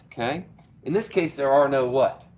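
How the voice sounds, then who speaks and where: A man's voice: mid-range voice, moderate pace, a little mellow, highs cut off. A male math teacher, lecturing a class, asking questions and praising the answers. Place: classroom, heard through a small speaker.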